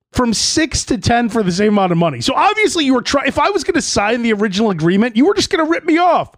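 Animated high-voiced man telling stories. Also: no room sound, clean studio sound. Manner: animated, profane, playfully indignant storyteller. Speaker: podcast host. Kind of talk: solo comedic storytelling podcast.

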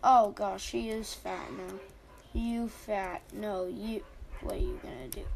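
A woman's voice: medium pitch, sing-song, a little slow, gravelly, background noise. A young woman rambling through casual, silly game commentary, easily surprised, with game music playing behind.

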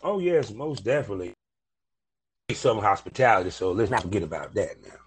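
A man hosting a podcast, reading sponsor plugs and chatting casually with a guest, energetic and fond of saying "you know what I'm saying". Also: lowish voice, fairly quick, slightly rough. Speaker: podcast host.

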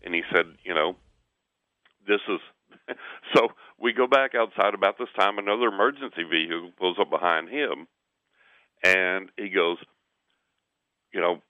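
A man's voice: sits low, normal speed, long pauses, no echo. A man telling a long personal story, acting out what people said, repeating words and laughing now and then. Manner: acts out quotes, repeats words, laughs mid-sentence. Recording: tinny phone line on radio.

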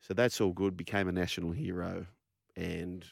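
Male co-host, lowish voice, dry studio mic, ribbing banter. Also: fairly even intonation, gravelly, no echo. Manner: teasing, quick to laugh. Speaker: radio co-host. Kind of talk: casual chat. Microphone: studio microphone.

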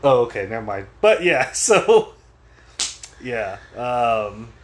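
A man hosting a podcast, chatting casually with brief, relaxed reactions. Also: mid-range voice, slow, slight background noise. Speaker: podcast host. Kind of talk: casual chat.

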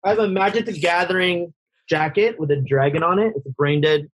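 A man's voice: sits high, fairly quick, slightly rough. A man chatting casually as a podcast guest over a video call, in laid-back slangy talk, slipping into voices when he quotes people. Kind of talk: casual chat.

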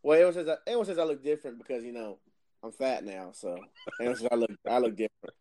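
A man's voice: medium pitch, racing, dark tone, a little hiss or hum. A man chatting casually with friends on a podcast, laughing often and swearing freely. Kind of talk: casual chat among friends.

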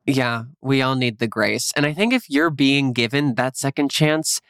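Man, podcast co-host, casual chat, encouraging, upbeat, mid pitch, dry sound. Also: expressive, moderate pace, fairly bright tone, clean tone, no room sound.

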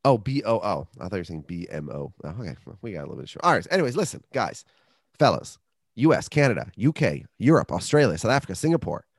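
A man's voice: on the low side, quick pace, vocal fry, husky, no room sound, studio quality. A man co-hosting a podcast, joking and rambling through a casual ad read and sports chat. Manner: jokey, rambling, lively. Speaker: podcast co-host.

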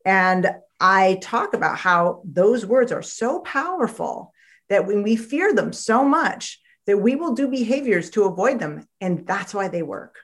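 Animated woman guest telling stories. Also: mid-range voice, a little slow. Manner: animated storytelling, acts out quoted voices. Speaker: guest author. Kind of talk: podcast interview conversation.

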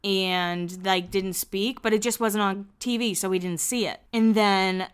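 A young woman hosting a podcast and recapping a reality show in casual chat, laughing often and slipping in quick quoted asides. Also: medium pitch, steady tone, clear, resonant tone.

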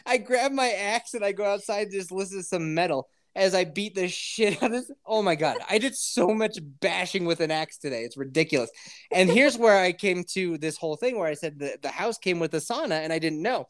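A man in his thirties tells a long story in casual podcast chat. His pitch moves all over the place, and his talk is profane and full of laughter. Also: normal speed. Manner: profane, animated, laughs often.

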